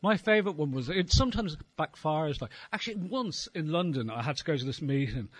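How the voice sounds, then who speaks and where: A man's voice: fairly high pitch, lively intonation, fairly quick, dry recording. A middle-aged man with a Dublin Irish accent doing a rambling, wry stand-up set on a live stage, swearing freely. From Ireland. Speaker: stand-up comedian and poet. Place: live venue before an audience.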